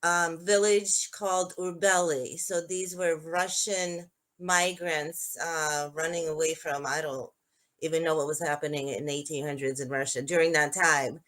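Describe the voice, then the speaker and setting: A woman's voice: sits low, steady tone, unhurried, a bit bright. A woman hosting a live-streamed talk show, telling personal stories in an earnest, conversational way. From Georgia. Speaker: host. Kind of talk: live-stream podcast chat.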